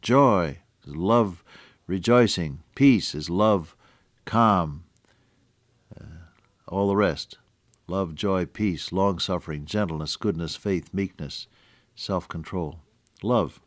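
Low-voiced folksy radio Bible teacher, man. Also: takes it slowly, long pauses, no room sound, clean studio sound. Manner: folksy, chuckling storyteller.

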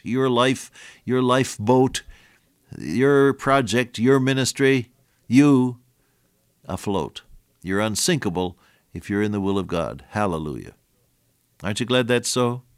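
A man's voice: mid-range voice, no echo. Older male radio preacher, dry close mic, earnest sermon, dynamic emphasis. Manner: earnest, swells and drops in volume for emphasis.

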